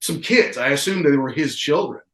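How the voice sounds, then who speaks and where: A man from the United States, a podcast host, excitedly telling a story in casual chat. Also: on the high side, moderate pace, reverberant.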